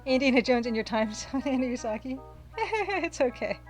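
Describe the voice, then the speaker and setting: A woman's voice: fairly high pitch, steady tone, fairly quick, soft background music. A woman casually commenting while streaming a retro game, chatting, reading viewer comments aloud and gushing over the pixel art.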